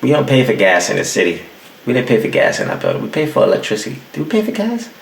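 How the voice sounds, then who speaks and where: A man's voice: low-pitched, fast, gravelly, echoey room. A young adult man hosting his podcast, ranting casually and profanely from home. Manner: profane, animated storytelling with acted-out quotes. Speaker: podcast host. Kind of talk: casual solo rant. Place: home room with the heat off.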